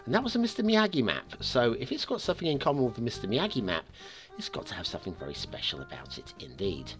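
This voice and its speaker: A man's voice: medium pitch, very animated, fast, a bit bright, faint music behind. A man hosting a game map review show, talking in a chatty, upbeat way with playful asides.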